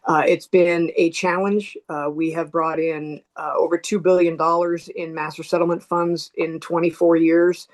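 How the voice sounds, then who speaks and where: A witness gives earnest public testimony, pausing often with um and uh. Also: mid-range voice, level tone. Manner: earnest, many um and uh fillers.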